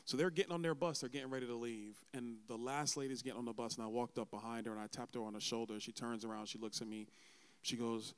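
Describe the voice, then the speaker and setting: A man's voice: medium pitch, fairly even intonation, quick pace, clean tone. A man in his forties hosting a church event, telling his personal testimony in a conversational way and acting out the voices of people he quotes. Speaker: event host and interviewer.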